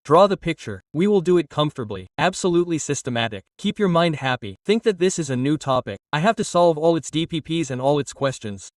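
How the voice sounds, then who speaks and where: Male coaching teacher, fairly high voice, energetic lecture, dry sound, mic set back in the room. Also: brisk, hardly any pauses, no echo, far from the mic. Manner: energetic, repetitive, coaxing students directly. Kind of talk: classroom lecture.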